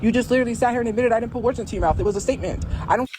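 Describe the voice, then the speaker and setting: Woman ranting on a stream, repeats herself, talks super fast, noisy background. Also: on the high side. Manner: insistent, repetitive, confrontational. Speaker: livestreamer. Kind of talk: heated livestream argument.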